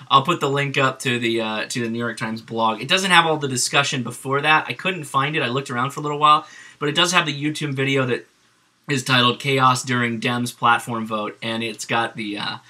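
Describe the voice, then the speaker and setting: Bright-voiced man chuckling through a retelling. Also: medium pitch. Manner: amused, chuckling retelling with fillers. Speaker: political vlogger. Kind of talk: casual commentary.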